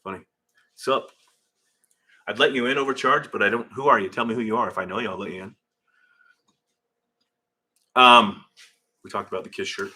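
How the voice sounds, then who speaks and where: A man's voice: on the low side, normal speed, long pauses, pushed and bright. A middle-aged man hosting a casual livestream from his garage, rambling as he reads viewer comments aloud into a phone. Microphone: phone camera.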